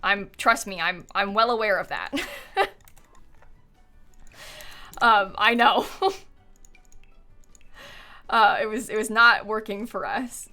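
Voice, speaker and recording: A woman's voice: mid-range voice, slow pace, long pauses, sharp tone, faint music behind. A woman streaming live, chatting casually and thinking aloud as she builds, with frequent ums and laughs.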